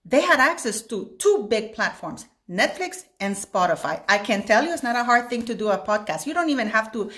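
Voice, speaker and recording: A woman's voice: on the high side, big pitch swings, fairly quick, few pauses, a bit bright. A woman talking straight to her small video camera in a casual opinion vlog. She is chatty and opinionated, and she rambles with many restarts. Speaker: vlogger commenting on celebrity news.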